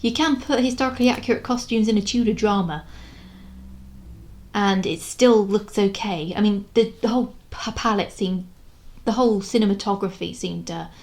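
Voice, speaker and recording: A woman's voice: mid-range voice, normal speed, a little mellow. Young woman vlogging, rambly and blunt, keeps tripping over her words, kinda fed up. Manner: rambling, frank, exasperated, with self-interrupting restarts. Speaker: video creator reviewing a historical drama. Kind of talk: casual vlog commentary.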